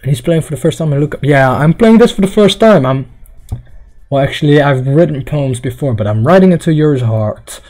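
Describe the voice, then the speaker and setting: A man's voice: a little high, animated, a little fast, mellow. A young man casually commenting on a visual novel on a livestream, reading the game text aloud, rambling and joking with some stammering. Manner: rambling, joking, stammering, mock-Russian asides.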